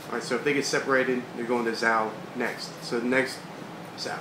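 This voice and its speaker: A man's voice: medium pitch, steady tone, brisk. A man reading a comic aloud in a casual read-along, laughing often and swearing freely. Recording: echoey room with background noise.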